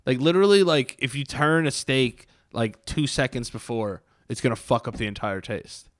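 A man co-hosting a podcast in relaxed, rambling banter, swearing casually. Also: medium pitch, moderate pace, dry recording, studio quality. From Italian-American family. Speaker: podcast co-host.

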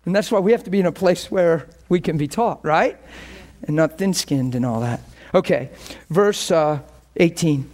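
High-voiced passionate male preacher. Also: lively intonation, a little fast, darkish tone. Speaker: pastor. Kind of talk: sermon.

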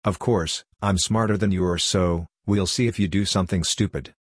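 A cool, smug gunman who stays unruffled, as a male narrator reads him. The voice is deep and husky, close and dry. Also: fairly even intonation, moderate pace, dry recording. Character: cool armed male enforcer.

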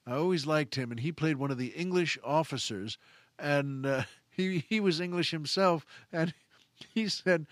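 A man's voice: on the high side, moderate pace, no echo, studio quality. Chuckling man telling a rambling story. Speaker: podcast host. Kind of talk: casual storytelling monologue.

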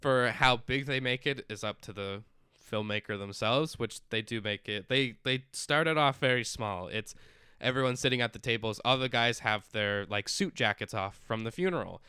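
A man's voice: mid-range voice, moderate pace, bright, forceful tone, clear, resonant tone, no room sound, studio quality. A man chatting casually as a podcast co-host, rambling through a film's plot with lots of fillers and acted-out quotes. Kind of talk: casual chat recapping a film.

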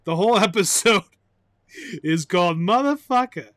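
A man talking solo on his own podcast, rambling excitably and swearing, breaking into loud outbursts and laughter. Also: high-pitched, normal speed, no room sound. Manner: excitable, swears loudly, bursts into shouting and laughter. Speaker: podcast host.

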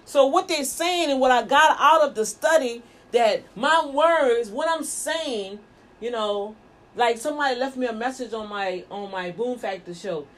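A woman's voice: a little high, measured pace. A woman minister and show host, preaching emphatically with rhetorical questions and repeated words. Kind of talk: preaching talk.

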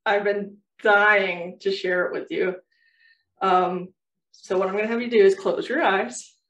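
A woman's voice: medium pitch, fairly even intonation, a little slow, a bit bright, far from the mic. A playful woman co-hosts a casual chat, laughing often and poking fun at herself. She sits some way from the mic in a roomy space, so her voice echoes. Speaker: podcast co-host.

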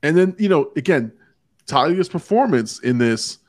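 A man hosting a casual podcast talk about a movie, animated, often acting out quotes in a changed voice. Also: fairly high pitch, moderate pace, dry recording, clean studio sound. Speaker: podcast host.

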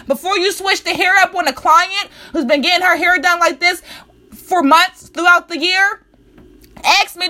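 A young woman who is a law student tells a story as a heated, profanity-laced, confrontational rant to the camera. Her voice is very high, pushed and bright, at a moderate pace.

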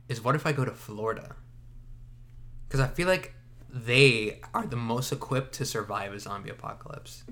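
Brief: male co-host, mid-pitched, rambling and jokey, casual chat. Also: fairly bright tone. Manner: rambling, jokey, self-correcting. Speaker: podcast co-host.

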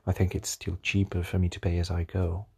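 Deep gravelly man with a mixed British-American-Portuguese accent. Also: completely flat delivery, a little fast, mellow. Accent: mix of British, American and Portuguese. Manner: musing and rambling, with sighs and restarts. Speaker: podcast host. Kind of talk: solo podcast monologue.

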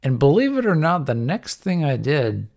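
A man's voice: on the high side, big pitch swings, moderate pace, gravelly, darkish tone. A man hosting a podcast, chatting casually about music picks with frequent laughs and trailing fillers. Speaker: podcast host.

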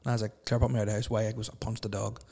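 A man's voice: on the low side, level tone, rapid-fire, gravelly, dark tone. A man hosting a podcast, telling a rambling story and stumbling over repeated words. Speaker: podcast host. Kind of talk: casual chat.

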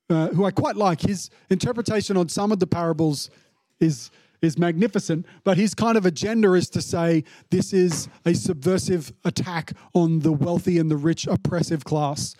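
A man's voice: high-pitched, moderate pace, warm tone, dry recording. A man giving a casual, conversational sermon, chatty with many fillers and restarts, now and then acting out lines in a mock-indignant tone. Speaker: preacher.

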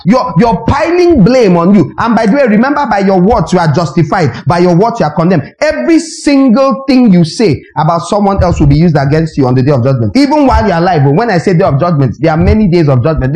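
A man, preaching a sermon as pastor in an animated, emphatic way full of rhetorical questions. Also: sits high, low-quality recording.

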